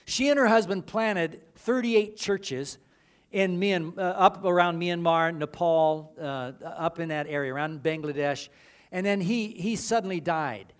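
A man's voice: on the high side, unhurried. A man preaching a sermon as a missions leader, telling stories with emphatic repetitions and frequent restarts.

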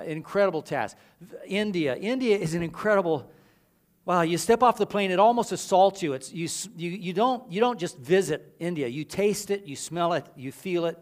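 A male preacher with a fairly high voice delivers an animated sermon full of stories. He leans on repeated phrases for emphasis and often restarts mid-sentence, rising and falling in intensity as he goes. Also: normal speed. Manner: animated storytelling with emphatic repetitions and frequent restarts. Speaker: preacher and missions leader.

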